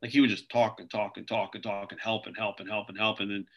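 A man's voice: on the low side, flat delivery, fast. A man telling stories as an interview guest, rambling and filling his talk with "like" and "you know". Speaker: interview guest, video creator. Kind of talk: casual interview storytelling.

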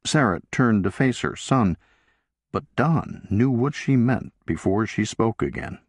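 A man reading a novel aloud as an audiobook narrator, in a measured, deliberate way. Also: on the low side, animated, dry recording, clean studio sound. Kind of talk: scripted narration.

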